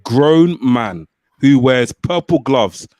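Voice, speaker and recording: A man's voice: medium pitch, lively intonation, slow, a little mellow, no echo. A man hosting a podcast, reading out listener comments in an easygoing way. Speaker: podcast host. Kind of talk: casual podcast chat.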